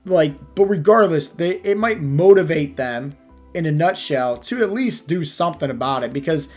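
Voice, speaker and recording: Casting: male fitness coach, casual motivational chat, slightly higher voice, faint music underneath. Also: expressive, normal speed, darkish tone. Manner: conversational, leans on fillers like "right?" and "like".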